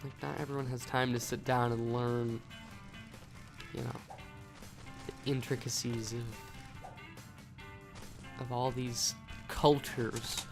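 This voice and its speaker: A man's voice: mid-range voice, level tone, slow, gravelly, long pauses, music in the background. A young American man with an American accent, rambling through casual let's-play commentary, stumbling over words and swearing. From United States. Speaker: gaming YouTuber.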